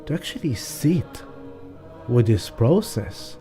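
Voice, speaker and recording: A man's voice: mid-range voice, sing-song, takes it slowly, mellow, soft background music. A man giving a rambling spiritual astrology talk, casually swearing and acting out examples. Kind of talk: spiritual teaching monologue.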